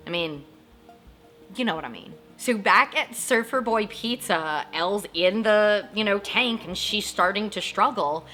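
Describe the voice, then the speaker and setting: A woman hosting a casual TV recap, chatty and emotionally invested, acting out characters' lines in quick asides. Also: mid-range voice, bright, forceful tone, faint music behind. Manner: emotionally invested, jokes about crying. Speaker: host of a TV recap channel.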